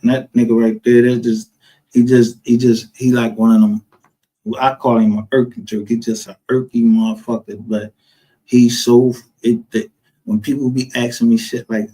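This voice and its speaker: On poor audio, a Texan man with a medium-pitched voice talks at normal speed, telling animated stories in casual chat. He leans on profane street slang and acts out what people said.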